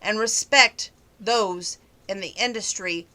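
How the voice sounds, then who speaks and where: A woman vlogger chatting casually to the camera, telling a story in an animated, sarcastic way. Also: mid-range voice, takes it slowly.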